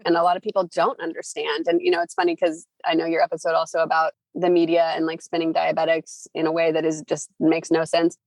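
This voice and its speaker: A middle-aged woman speaks as an interview guest, chatty and easygoing as she tells her story. Her low voice has a gravelly fry to it. The recording is close and dry. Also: dry recording. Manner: chatty, acts out quoted people. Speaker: guest, former entertainment publicist.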